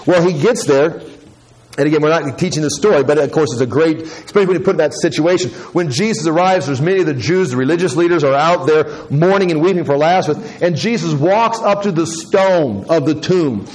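A man teaching through a Bible passage, telling the story in an animated way, acting out the quoted speech and often restarting his sentences. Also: a little high, fairly quick, low-quality recording. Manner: frequent self-corrections and restarts.

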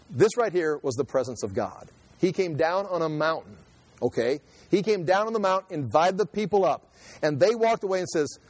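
A man giving conversational Bible teaching in an animated, joking way, acting out quotes and often restarting his sentences. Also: fairly high pitch, fast talker. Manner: animated, jokey, acts out quotes, frequent restarts. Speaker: preacher.

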